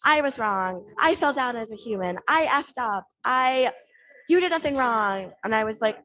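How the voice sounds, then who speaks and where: Animated woman recounting a story. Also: fairly high pitch, moderate pace. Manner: animated, acts out quoted dialogue. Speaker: podcast guest. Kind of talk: casual storytelling.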